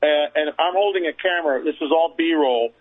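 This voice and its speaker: A man's voice: fairly high pitch, moderate pace. Emphatic man on a tinny phone line. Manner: emphatic, repeats phrases for effect. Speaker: radio show guest. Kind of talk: storytelling on a call-in radio show.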